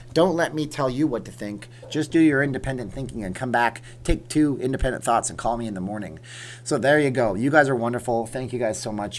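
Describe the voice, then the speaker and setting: A man hosting a casual livestream, reading out viewer names and chatting loosely with a joking tone. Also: mid-range voice. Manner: chatty, reads viewer names aloud, jokey. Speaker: livestream host.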